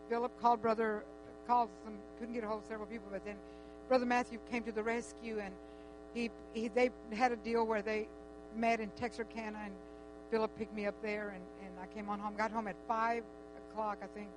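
An older woman tells a long personal story in a casual, animated way, full of restarts and quoted dialogue. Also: fairly high pitch, a little fast. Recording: faint music and mains hum.

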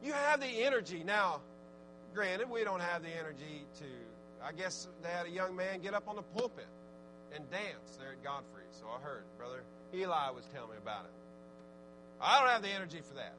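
High, bright-voiced preacher man. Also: expressive, brisk, soft background music, low-quality recording. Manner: rising to fervent shouted exhortation, then dropping low and conversational. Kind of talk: sermon.

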